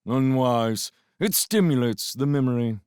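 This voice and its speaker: A man's voice: medium pitch, takes it slowly, no echo, studio quality, pitched above the performer's own voice, close to an everyday voice. Man playing a clammy, sniffing middle-aged man, cold and disdainful, storybook.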